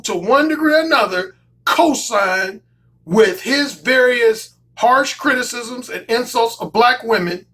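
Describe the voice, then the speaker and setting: A man talking straight to his viewers as a dating coach, his voice swinging up and down in a lively, animated way. He hammers his points home by repeating phrases and cursing without holding back. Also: very high voice. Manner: emphatic, repeats phrases, swears freely. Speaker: dating coach and YouTube commentator. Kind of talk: casual storytelling monologue.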